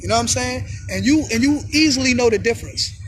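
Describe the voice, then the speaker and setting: A man talking in a casual monologue, animated, full of street slang, often acting out other people's voices. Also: very high-pitched, fast talker, slight background noise. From New York. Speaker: host. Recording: music in background.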